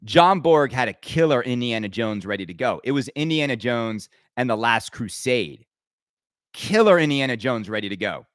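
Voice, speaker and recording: A man on his own podcast who delivers a heated, opinionated rant, tripping over his words and restarting sentences as he pushes his point. His voice sits at an ordinary middle pitch for a man. The sound is dry and close, with no room echo. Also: lively intonation, moderate pace. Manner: emphatic and rambling, with frequent stammered restarts. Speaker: podcast host.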